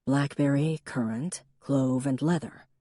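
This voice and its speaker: Casting: woman voicing a young man in a novel, low and mellow, dry teasing banter. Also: a little slow, no echo. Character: teasing young adult man, a wine lover.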